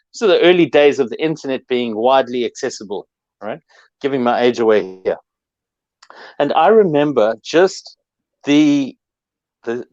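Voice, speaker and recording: A man's voice: medium pitch, a little mellow, no echo, muffled recording. A middle-aged man recalling rugby history in a reflective, storytelling way, with many fillers, on sports radio.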